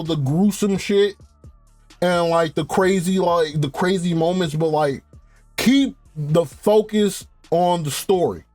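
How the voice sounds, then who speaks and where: A young man with a high, bright speaking voice, rattling off a casual, profane TV recap. He laughs often and gets worked up as he talks. The sound is dry and close, with faint music underneath. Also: no room sound. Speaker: TV show reviewer. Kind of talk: casual review rant.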